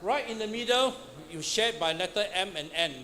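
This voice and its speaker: A man's voice: high voice, animated, moderate pace, pushed and bright. A man teaching a class, quizzing students with frequent "huh?" and "all right". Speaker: Pathfinder class instructor. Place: church classroom. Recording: noisy room recording.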